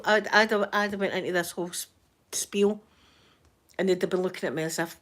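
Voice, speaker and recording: A Scottish woman from Scotland, hosting a live stream in fast, chatty, casual talk. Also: lowish voice, steady tone, fairly bright tone.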